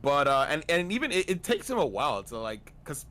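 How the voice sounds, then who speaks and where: A man's voice: fairly high pitch, big pitch swings, brisk, sharp tone. A man chatting casually as a guest on a stream, rambling with lots of restarts and fillers. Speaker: guest on a streamed anime discussion. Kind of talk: casual chat.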